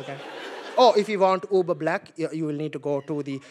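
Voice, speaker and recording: High-voiced stand-up comedian. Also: male voice, heavy background noise. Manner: quick, mocking, punchy delivery. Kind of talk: live stand-up performance. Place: large theatre, live audience.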